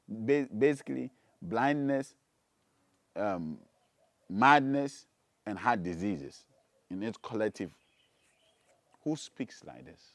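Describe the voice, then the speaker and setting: A man's voice: animated, creaky, no echo. Emphatic preaching man, dry close sound. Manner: reads scripture low and slow, then rises to loud emphatic preaching; rhetorical questions to the listener. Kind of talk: preaching sermon.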